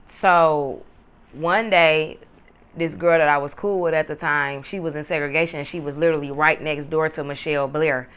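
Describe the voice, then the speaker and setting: A woman who was once in prison, telling her story in a blunt, profane, animated way. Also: low voice, moderate pace, clean tone. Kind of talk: casual storytelling to camera.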